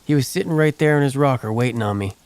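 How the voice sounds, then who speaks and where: A man's voice: mid-range voice, fast, darkish tone, clear, resonant tone, voice pushed up, lightly acted. A man voicing Tony, a rowdy young outlaw cowboy with a telling a boastful tall tale in an audiobook. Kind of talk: audiobook character voice.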